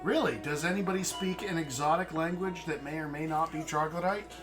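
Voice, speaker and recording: A man's voice: a little high, a little fast, over loud music. A man running a tabletop game session as dungeon master, joking and laughing loosely with his players.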